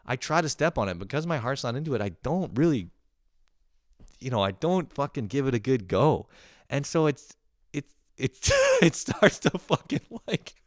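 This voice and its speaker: A man's voice: mid-range voice, very animated, moderate pace, dry recording, studio quality. A young man telling a rambling, profane story in a casual monologue, often laughing at himself. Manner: rambling, swears a lot, laughs at his own stories. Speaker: podcast host.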